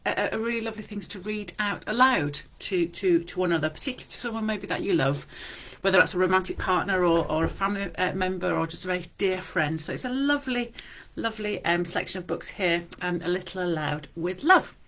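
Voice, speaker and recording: A woman, a librarian, chatting casually with frequent fillers in a library and reading poems aloud slowly and deliberately. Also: fairly low pitch, a bit bright, a little hiss or hum. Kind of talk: casual chat and poetry reading.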